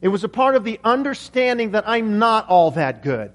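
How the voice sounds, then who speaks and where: Male pastor, high-pitched, earnest prayer and preaching, restarts often. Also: big pitch swings, moderate pace, fairly bright tone. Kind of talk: sermon.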